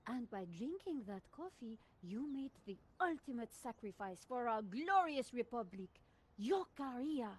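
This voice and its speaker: An actress playing a brisk, curious young journalist in a video game, asking probing questions. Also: female voice, fairly high pitch, sing-song, breathy edge, heavily acted.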